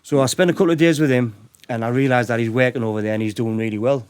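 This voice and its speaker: A man's voice: mid-range voice, steady tone, rapid-fire, clean tone. Rambling man telling stories. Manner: rambling, repeats words, acts out quoted dialogue. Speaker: podcast guest. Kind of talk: casual true-crime storytelling.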